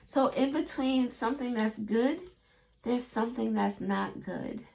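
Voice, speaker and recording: A woman's voice: fairly high pitch, a little slow, gravelly, a little mellow. A woman giving a casual tarot reading, chatty and acting out little quotes in playful voices. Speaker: tarot reader.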